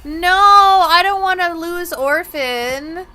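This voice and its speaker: Bright-voiced chatty woman streamer. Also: extremely high pitch, slow pace. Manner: chatty, profane, rambling. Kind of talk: casual gaming-stream chat.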